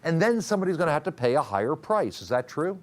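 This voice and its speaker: A man's voice: a little high, very animated, fast talker. A man teaching a trading class, quizzing students and repeating key rules. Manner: questions the class and drills answers. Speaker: trading instructor. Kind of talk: classroom lecture.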